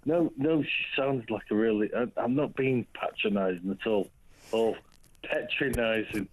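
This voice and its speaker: A man's voice: medium pitch, normal speed, darkish tone. A man calling in to a radio show, chatty, jokey and meandering. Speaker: caller. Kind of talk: casual phone-in chat. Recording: tinny phone line.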